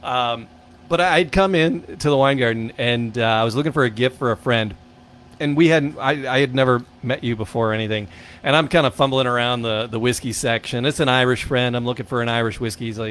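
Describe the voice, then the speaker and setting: Animated man telling a story. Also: mid-range voice, quick pace, a little hiss or hum. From Michigan, USA. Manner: animated storyteller, acts out quoted people. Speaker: podcast co-host. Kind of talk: casual chat.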